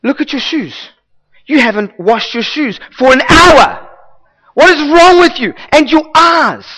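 A man's voice: extremely high pitch, animated, measured pace, bright, forceful tone, voice pushed up, full character voice, rough recording. Man playing a nagging, never-satisfied husband. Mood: scolding. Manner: nagging, scolding, exasperated. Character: demanding, never-satisfied husband personifying the law.

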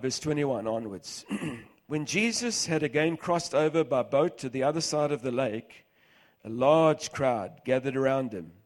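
A middle-aged man with a mid-range voice preaches a sermon, reading scripture aloud. He repeats key words for emphasis and swings between loud and hushed.

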